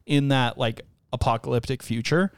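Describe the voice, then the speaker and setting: A man's voice: mid-range voice, steady tone, moderate pace, smooth, no echo, clean studio sound. A man co-hosting a podcast, chatting casually and stressing his points by repeating them. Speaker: podcast co-host. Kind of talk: casual chat.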